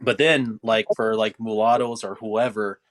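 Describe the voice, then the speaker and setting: A man talking on a casual livestream, hesitant and halting. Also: lowish voice, fairly even intonation. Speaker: guest.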